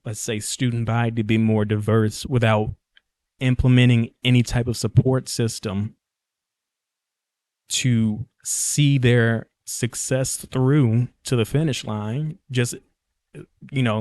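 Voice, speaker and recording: A young man talks through his own podcast in a loose, joking monologue. He drifts between thoughts and corrects himself partway through sentences. His voice sits at an ordinary middle pitch, and the sound is close and dry with no room echo. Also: fairly even intonation, a little slow, darkish tone. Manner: rambling, jokey, often corrects himself mid-sentence. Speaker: podcast host. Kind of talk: casual solo podcast monologue.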